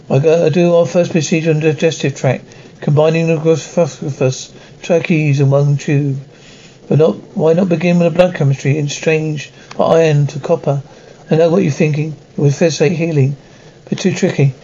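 An actor playing a brisk male surgeon in a drama, explaining an operation in a clipped, technical way. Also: on the high side, little pitch movement, dark tone, highs cut off, slight background noise, close to an everyday voice. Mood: briskly technical.

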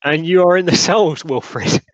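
A man running a tabletop role-playing game as game master, narrating in a halting, laughing way. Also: fairly high pitch, no room sound, dull audio.

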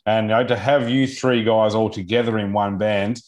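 A man with a fairly low voice hosts a casual chat, asking questions in a loose, rambling way. His phrasing circles around before landing, peppered with "you know" and "sort of". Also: steady tone, moderate pace. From Australia. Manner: rambling, hedging questions with many fillers. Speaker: podcast host.

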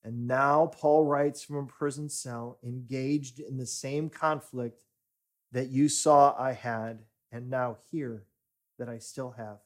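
A man preaching a sermon as pastor, deliberate and emphatic, rising for stress and sinking to near-whispers. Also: medium pitch, steady tone.

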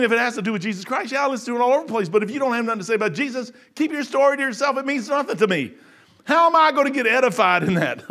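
Man, folksy lay preacher, high voice, lively sermon delivery. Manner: folksy, animated, acts out voices and laughs.

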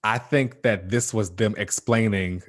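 A man with a fairly low voice talks loosely, filling his sentences with "um" and "like" and often breaking into laughter. It sounds like a casual recap chat, recorded close and dry with no room sound. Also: fairly even intonation, measured pace, no echo. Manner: rambling with many fillers and laughs. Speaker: podcast co-host.

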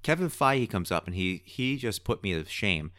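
A man co-hosting a podcast in casual chat, talking in an excitable, rambling way. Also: fairly low pitch, moderate pace, no echo, clean studio sound. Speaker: podcast co-host.

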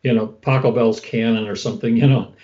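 A man's voice: medium pitch, fairly even intonation, fairly quick, mellow. Man chatting on a lo-fi recording. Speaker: podcast host and guitarist. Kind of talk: casual chat. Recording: dull lo-fi sound.

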